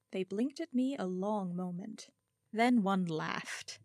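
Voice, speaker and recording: Slow, expressive woman narrating a story. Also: medium pitch, no echo, clean studio sound. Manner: measured, expressive first-person reading. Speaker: audiobook narrator.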